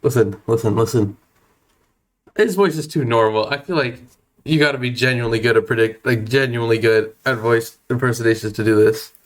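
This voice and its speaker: A young man in his twenties chats on his game stream at an average pitch for a man. He talks in a nervous, self-deprecating way, stammering through restarts and laughing often. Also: a little fast. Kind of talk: casual live-stream chat.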